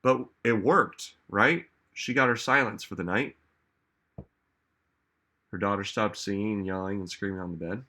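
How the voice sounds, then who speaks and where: Male motivational speaker, slightly low voice, relaxed talk that turns emphatic with questions to the audience. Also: unhurried, long pauses. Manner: conversational, frequent "like" and "right?". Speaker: self-help speaker.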